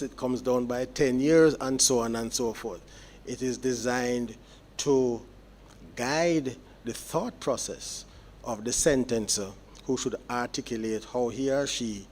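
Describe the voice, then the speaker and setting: A man, a judge delivering sentencing remarks in court in a measured, explanatory way with deliberate pauses. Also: mid-range voice, a little mellow.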